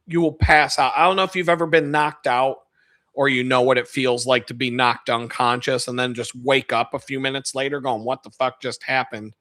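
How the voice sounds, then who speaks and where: A man hosting his own video, telling a rambling, profane story with lots of laughter and sudden loud stretches. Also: medium pitch, flat delivery, normal speed. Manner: profane, laughs a lot, gets loud retelling stories. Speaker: video host.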